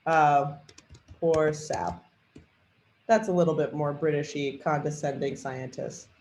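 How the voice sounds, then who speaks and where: Guy rambling through a software demo, lots of ums, kinda high voice, roomy echo. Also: fairly even intonation, slow pace, slight background noise. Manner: rambling, hesitant, many fillers. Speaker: trainer demonstrating software. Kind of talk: thinking-aloud screen demo. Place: at a computer. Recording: echoey room with faint typing.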